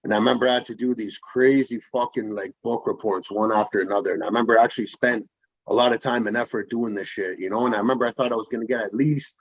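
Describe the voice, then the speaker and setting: A man with a husky voice tells a blunt, sweary story in casual podcast chat. His speech is peppered with "bro." The recording is dry and a bit dull. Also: mid-range voice, steady tone, fast, no echo. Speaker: podcast co-host.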